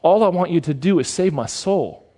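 A man doing a hushed, repentant thief. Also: high-pitched, expressive, normal speed, long reverb tail. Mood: earnest. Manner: hushed, earnest. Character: humble repentant male thief, solemn.

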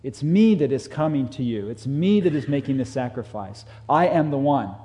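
A man's voice: medium pitch, expressive, moderate pace. Earnest male preacher in a reverberant hall. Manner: earnest, builds up then drops to soft emphasis. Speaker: pastor. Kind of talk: sermon.

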